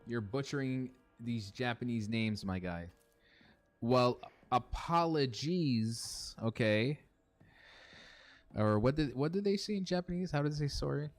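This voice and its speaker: Young man, gaming streamer, casual chatty commentary, mid-pitched voice, answers chat. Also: a little slow, faint music behind. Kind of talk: casual let's-play commentary.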